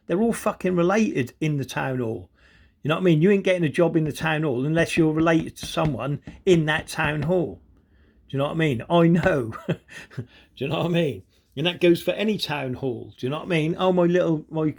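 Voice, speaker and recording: A man with a gravelly, slightly higher voice launches into an angry, sweary rant. He keeps circling back with "do you know what I mean" as he goes. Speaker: video commentator. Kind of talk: ranting monologue.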